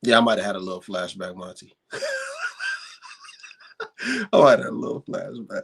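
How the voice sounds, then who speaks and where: A man's voice: lowish voice, normal speed, creaky, breathy edge. A man in casual podcast chat, telling stories with lots of swearing and emphatic repetition. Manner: animated, profane storytelling, emphatic repetition.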